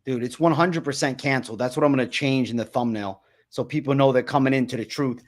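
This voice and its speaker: A young man hosting a livestream, talking excitedly and repeating himself, swearing often and calling his viewers bro. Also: medium pitch, fast. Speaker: livestream host. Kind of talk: livestream commentary.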